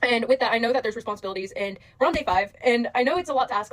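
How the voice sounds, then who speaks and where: Fast, rambling young woman pleading earnestly. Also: on the high side, low-quality recording. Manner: rambling and earnest, heavy on fillers. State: emotional. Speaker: social media creator. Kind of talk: direct-to-camera address to followers.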